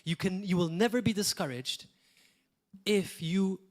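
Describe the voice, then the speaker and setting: A man's voice: high voice, measured pace, a little mellow. A male pastor, preaching a sermon in a conversational way, with repeated phrases and short asides. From Malta.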